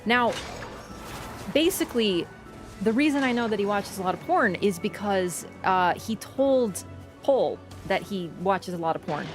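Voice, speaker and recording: A young woman in her twenties from Canada, casually telling a long story while gaming, chatty and animated with frequent laughter. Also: medium pitch, measured pace, music in the background. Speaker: gaming streamer. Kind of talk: casual storytelling over gameplay.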